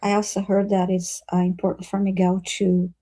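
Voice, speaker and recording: A woman in a live psychic healing session, relaying messages in a soft, hesitant way. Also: mid-range voice, completely flat delivery, moderate pace. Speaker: psychic healer. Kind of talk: live spiritual reading chat.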